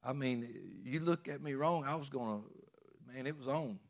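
A man's voice: mid-range voice, normal speed. Folksy preacher man. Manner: folksy, emphatic storytelling with repeated phrases. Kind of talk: sermon.

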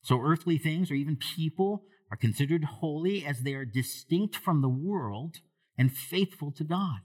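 A man preaching a sermon as pastor to a church congregation, asking them questions and moving between hushed low lines and raised loud ones. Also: animated, normal speed, breathy edge.

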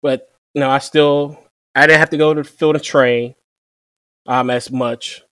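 A young man who served as a Marine, telling his story in a relaxed, conversational way and quoting people with "I'm like.". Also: a little high, unhurried, clear, resonant tone, no room sound, studio quality. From Virginia. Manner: relaxed, repeats "I'm like" to quote himself. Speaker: interview guest, former Marine machine gunner.

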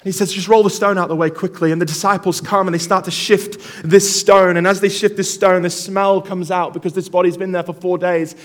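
Male pastor with a high voice, animated sermon storyteller. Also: brisk, hardly any pauses. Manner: animated storytelling, calls on the congregation.

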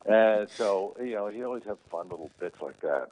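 A man telling casual stories, lively, often acting out what others said in raised voices. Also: fairly low pitch, moderate pace. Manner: animated, quotes people in raised voices. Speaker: guest telling stories about his brother. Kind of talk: casual anecdotal storytelling. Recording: tinny phone-like line.

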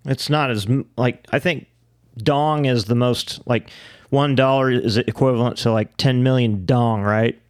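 A man's voice: mid-range voice, steady tone, unhurried, clean tone, dry recording, clean studio sound. A man in a casual chat, giving blunt, grumpy one-line opinions.

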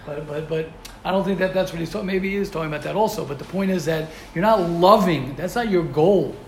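A man teaching a religious ethics class in an animated way, asking rhetorical questions and repeating himself for emphasis. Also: a little high, fast, a little hiss or hum. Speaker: Torah teacher. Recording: roomy echo.

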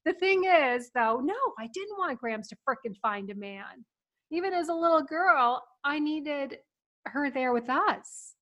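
A middle-aged woman from Ohio hosting, telling family stories in a chatty, animated way with frequent laughter. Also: sits high, measured pace. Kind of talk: casual storytelling.

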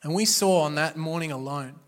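A pastor preaching a sermon in a church, passionate and emphatic, with repeated refrains. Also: male voice, on the high side, fairly quick. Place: church auditorium. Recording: echoey hall reverb.

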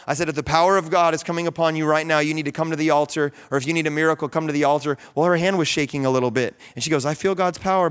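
Male pastor preaching, storytelling sermon, slightly high, smooth resonant voice. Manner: storytelling, animated, rising to fervent peaks.

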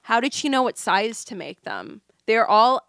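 A young woman rambles through fan theories in a casual podcast chat, her voice bright and a little high. The sound is dry and close, with no room around it. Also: moderate pace, vocal fry, no echo. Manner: excited, rambling fan talk with fillers. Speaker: podcast co-host.

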